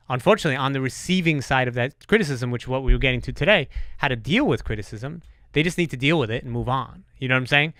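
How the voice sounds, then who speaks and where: A man hosting a podcast, telling stories in a casual, profane, animated way. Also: mid-range voice, dry recording, studio quality. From New York. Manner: animated storyteller, swears freely. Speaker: podcast host.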